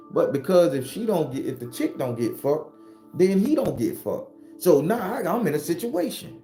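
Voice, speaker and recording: A man's voice: high voice, very animated, normal speed, dark tone, faint music behind. A man hosting a casual live stream, talking bluntly and profanely and greeting viewers by name. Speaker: host.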